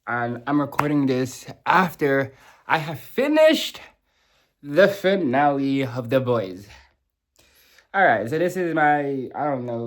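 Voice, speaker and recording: A young man giving an emotional, rambling review of a TV finale, full of fillers, restarts and swearing. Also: mid-range voice. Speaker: vlogger reviewing a TV show. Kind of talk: casual rambling reaction review.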